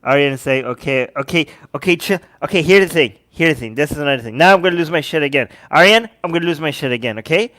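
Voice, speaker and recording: Animated man hosting a livestream. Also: a little high, fast, hardly any pauses. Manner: animated, sarcastic, talks to chat. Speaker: livestream host. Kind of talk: casual livestream commentary.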